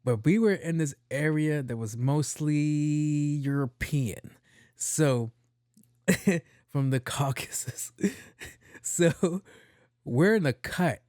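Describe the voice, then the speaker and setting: A man hosting his own podcast, telling a story in a profane, animated way. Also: fairly high pitch, slow, dry recording, studio quality. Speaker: podcast host. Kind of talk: casual storytelling monologue.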